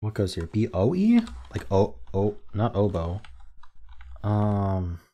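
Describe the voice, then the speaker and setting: A young man talks himself through daily word puzzles, muttering letter guesses under his breath. His voice sits a little low, and he slips into mock-dramatic groans at his own blunders. Keyboard typing clicks along behind him. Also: big pitch swings, slow, warm tone. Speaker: word game streamer. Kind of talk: casual thinking aloud while playing.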